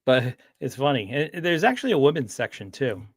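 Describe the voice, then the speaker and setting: A man's voice: mid-range voice, sing-song, brisk, breathy edge. A man chatting casually on a livestream, rambling with frequent restarts and fillers. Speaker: streamer.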